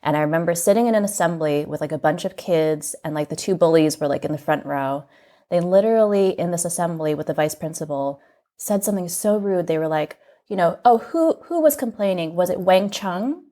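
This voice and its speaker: A woman with a notably low-pitched voice speaks as a podcast guest, candid and reflective as she tells her story. She often slips "like" into her sentences, and she sounds earnest throughout. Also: a little fast, warm tone. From United States. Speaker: magazine editor, podcast guest. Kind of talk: candid personal storytelling in an interview.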